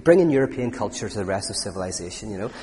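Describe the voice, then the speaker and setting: A man's voice: on the low side, lively intonation, rapid-fire, dark tone, lightly acted. A man voicing a mocking male philosopher who taunts his listeners with rhetorical questions. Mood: taunting. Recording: reverberant hall.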